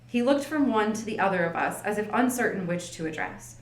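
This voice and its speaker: A woman from the library staff reading a classic detective story aloud, in an unhurried storybook style with light character voices and chatty asides. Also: mid-range voice, animated. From United States. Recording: roomy echo.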